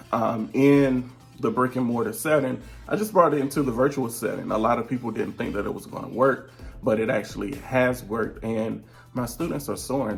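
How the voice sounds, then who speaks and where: A man's voice: medium pitch, gravelly. Chatty man in his thirties, laughing often. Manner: chatty, drifts off topic, laughs often mid-sentence. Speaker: vlogger and virtual teacher. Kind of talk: casual vlog update. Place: at home, seated.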